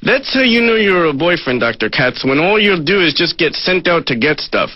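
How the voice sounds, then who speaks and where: High, lively self-mocking male comic. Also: normal speed, no echo. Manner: self-mocking, talks to his therapist. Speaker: stand-up comedian. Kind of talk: stand-up monologue. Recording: dry, dull lo-fi TV audio.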